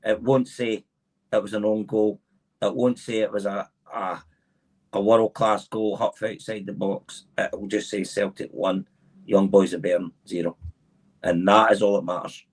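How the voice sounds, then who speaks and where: A man's voice: on the low side, level tone, measured pace, low-quality recording. A man co-hosting a football podcast, talking earnestly and building to firm conclusions. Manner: earnest, builds to emphatic points. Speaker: podcast co-host. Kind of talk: casual football chat.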